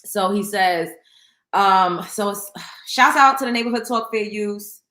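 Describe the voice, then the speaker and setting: Bright-voiced woman hosting a livestream. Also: medium pitch, unhurried. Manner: chatty, greets viewers by name. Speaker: host. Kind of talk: casual livestream chat. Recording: echoey room.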